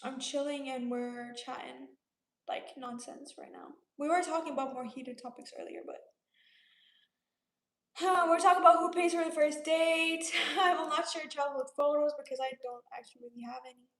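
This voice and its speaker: Late-20s woman from Romania, livestream host, high-pitched and relaxed, roomy echo. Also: normal speed. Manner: laid-back, chatty, reads comments aloud and answers them. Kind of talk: casual livestream chat reading viewer comments.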